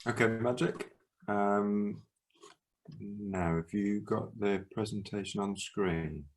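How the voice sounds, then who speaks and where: A man co-chairs an online community workshop over a video call, speaking haltingly with many pauses and restarts. His voice is on the low side and steady in tone.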